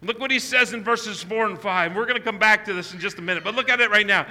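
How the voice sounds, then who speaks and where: A man's voice: sits high, fast, sharp tone, in a large hall. A pastor preaching a sermon to his congregation, emphatic and repetitive, often restarting his sentences. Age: older. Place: church sanctuary.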